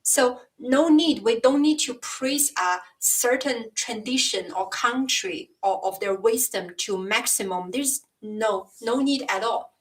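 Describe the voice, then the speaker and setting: A woman with a Chinese accent hosts a relaxed livestream, talking in a slightly high voice. She searches for words as she goes, restarting and filling gaps with "uh". Mandarin is her first language. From China. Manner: halting, searching for words, many fillers. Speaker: livestream host. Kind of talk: casual livestream chat. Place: home, in Scotland.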